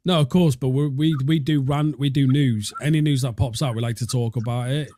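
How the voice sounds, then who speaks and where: A Welsh man co-hosting a football podcast in a relaxed, rambling way, often restarting his sentences. His voice sits at an ordinary middle pitch, and the recording is dry and close, with no room sound. He chats casually from what sounds like a home setup. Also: fairly quick, no echo. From Wales. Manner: rambling, self-interrupting. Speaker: co-host.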